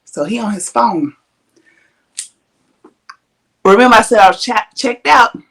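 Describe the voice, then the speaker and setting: A woman hosting a podcast, telling a story in a casual, animated and profane way, laughing often. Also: a little high, measured pace. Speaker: podcast host.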